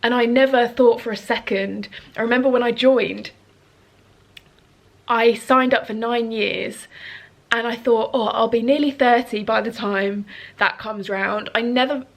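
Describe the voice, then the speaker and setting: A woman's voice: on the high side, fairly even intonation, measured pace, vocal fry. A woman, chatting earnestly to camera at home as a vlogger. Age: 30s. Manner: earnest, chatty, rambling with fillers. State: emotional, sniffling. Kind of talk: casual chat to camera.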